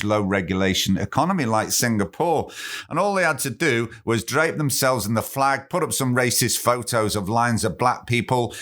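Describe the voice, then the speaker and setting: A podcast host talks alone into the mic in a somewhat low voice. He rants with strong opinions and drops in sarcastic asides. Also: a bit bright. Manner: opinionated, ranting, with sarcastic asides and put-on accents. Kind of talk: casual solo podcast commentary.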